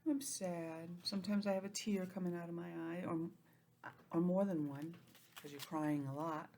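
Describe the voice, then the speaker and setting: A woman teaching an online lesson to young children, gentle and expressive, acting out feelings in a sing-song way. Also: fairly low pitch, normal speed, a little hiss or hum. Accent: New England.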